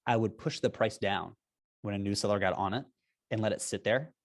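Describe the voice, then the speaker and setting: Man, lowish voice, upbeat, persuasive, chuckles often, asks himself rhetorical questions, interview guest. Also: brisk. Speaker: guest, repricing software founder. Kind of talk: podcast interview, explaining business strategy.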